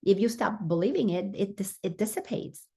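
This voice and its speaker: A woman's voice: mid-range voice, expressive, moderate pace, creaky, warm tone, breathy edge. A woman giving an earnest, encouraging spiritual lesson commentary, sometimes restarting her phrases. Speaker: spiritual teacher.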